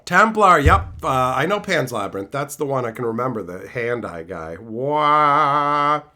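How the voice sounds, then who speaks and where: A Canadian man streams casually, reading chat and firing back with sarcasm, swearing and flashes of exasperation. His voice is mid-range and expressive, with a sharp tone at a normal speed.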